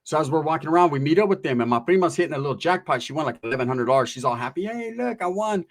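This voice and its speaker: A man casually telling a story, animated and profane, acting out the dialogue as he goes. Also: mid-range voice, very fast. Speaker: online content creator.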